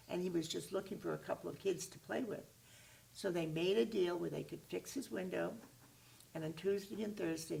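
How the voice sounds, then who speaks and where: A woman tells a story to children in an animated, expressive voice. Her tone is low and strongly gravelly. She is some distance from the mic. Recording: voice far from the mic.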